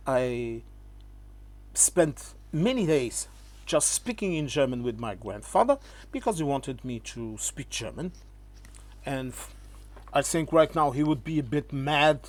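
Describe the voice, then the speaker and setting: A man, talking straight to the camera to rebut critics in an emphatic, lecturing way. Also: medium pitch. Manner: lecturing, keeps asking "okay?"; emphatic, addresses the viewer as "my friend". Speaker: channel host.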